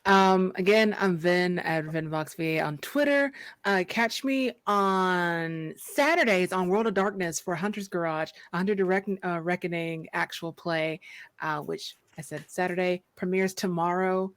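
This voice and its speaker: A woman's voice: fairly low pitch, unhurried, no echo. A woman voice actor and player, laid-back, upbeat and slangy. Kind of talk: casual chat.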